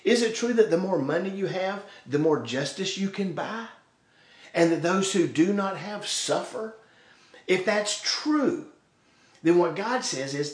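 A man's voice: sits high, animated, unhurried. A male pastor preaching a sermon, acting out quoted voices along the way. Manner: preaching, voices God and the sarcastic people in quoted asides. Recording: roomy echo.

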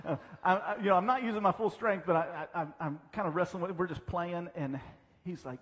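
A man's voice: high voice, a little fast, fairly bright tone. A man preaching a sermon as pastor, mixing humorous stories and self-deprecating asides into his teaching. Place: church sanctuary. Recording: church hall reverb.

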